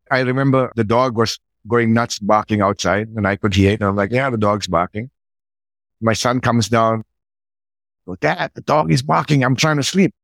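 A man's voice: mid-range voice, no echo. Middle-aged man telling a personal story. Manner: anecdotal, acts out his own side of conversations. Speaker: podcast guest. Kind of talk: conversational storytelling.

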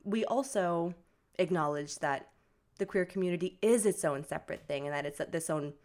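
A young woman co-hosts a podcast in her lower register. She talks in a loose, chatty way, full of "like" fillers, and mimics her relatives' lines as she tells a story. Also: normal speed, a little mellow. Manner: chatty storytelling, many "like" fillers, acts out family quotes. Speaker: podcast co-host. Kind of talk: casual podcast chat.

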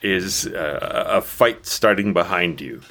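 Low-voiced man running a tabletop game. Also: slow pace, a bit bright, faint music behind. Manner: descriptive, laughs easily mid-narration. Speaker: dungeon master.

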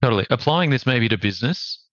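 A man with an Australian accent, a podcast guest telling a story in a measured, reflective way. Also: medium pitch, expressive, a bit bright, dry recording, muffled recording. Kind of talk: conversational storytelling.

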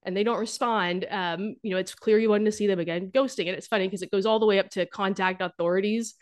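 A woman's voice: mid-range voice, steady tone, quick pace. Chatty young woman, joking about dating. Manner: chatty and humorous, with many fillers and restarts. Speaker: guest, dating content creator. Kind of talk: casual interview talk.

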